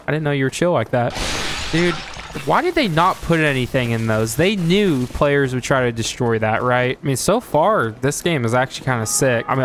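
A man giving live gameplay commentary, excitable and joking, who trash-talks enemies and yelps and shouts at the game. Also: mid-range voice. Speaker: streamer playing a video game. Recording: noticeable background noise.

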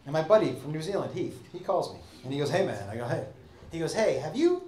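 Animated American comedian on a roomy stage. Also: male voice, fairly high pitch, fast talker. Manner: animated storyteller, acting out quotes with shouts and shrieks. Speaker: stand-up comedian. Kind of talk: stand-up storytelling. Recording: roomy club sound with audience.

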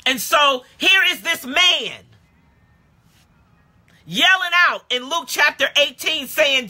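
A woman preaching a live-streamed sermon in a casual, call-and-response way that swings from low talk to shouted praise. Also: animated, slow pace, long pauses. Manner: casual street-talk phrasing. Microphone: phone or webcam live stream.

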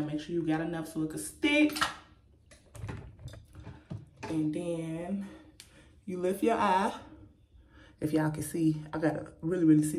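A woman's voice: fairly low pitch, darkish tone. A young adult woman talking to her viewers in a casual makeup tutorial, chatty and laughing often. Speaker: vlogger. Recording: echoey room, faint noise.

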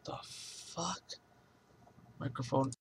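A man's voice: drawn-out words, a little hiss or hum. A young man in his bedroom, testing a new webcam and talking to himself, cursing and easily startled. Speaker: vlogger. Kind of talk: casual rambling webcam vlog. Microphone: webcam microphone.

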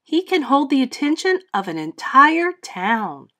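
A woman's voice: high voice, sing-song, a little slow, fairly bright tone, voice pushed up, full character voice. A woman voicing a proud, doting monster mother in a storybook, with a sing-song, dramatic delivery.

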